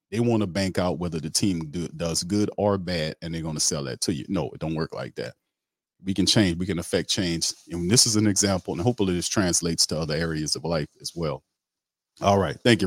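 A man hosting a casual live-stream sports chat, reading out chat names and talking in an animated, repetitive way. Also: sits low, no room sound, studio quality. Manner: animated, repeats himself, reads chat shout-outs. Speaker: host.

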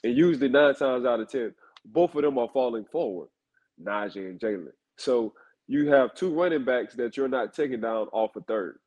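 A man's voice: medium pitch, expressive, normal speed, darkish tone, lo-fi sound. A man co-hosting a football talk show, telling stories and repeating names for emphasis in casual chat. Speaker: football analyst co-host.

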